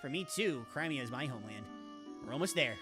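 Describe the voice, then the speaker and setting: Woman voices a blunt young mercenary leader for a game, pitched down, short and gruff. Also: lively intonation, fast talker, music in the background. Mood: firm. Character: young male mercenary commander, blunt and steady.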